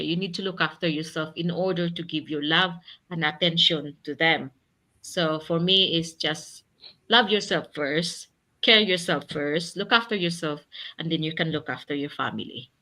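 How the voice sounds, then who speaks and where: A woman's voice: fairly low pitch, moderate pace, sharp tone. A woman on a video call talking earnestly in a casual chat, often laughing as she speaks. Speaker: accountability partner sharing in a group chat.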